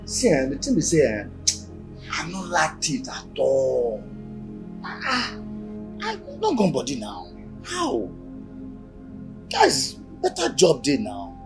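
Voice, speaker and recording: An actor with a Nigerian Pidgin accent playing a streetwise young man who teases and flatters in a relaxed, easygoing way. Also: on the high side, slow pace, pauses often, over music, heavily acted. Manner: teasing, easygoing, mixes Pidgin and English. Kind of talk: Nollywood film acting.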